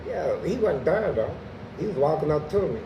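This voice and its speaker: Animated profane man telling stories. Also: fairly high pitch, moderate pace. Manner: animated, jumps into loud acted-out quotes. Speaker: podcast guest. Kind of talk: profane prison storytelling. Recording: echoey room with background noise.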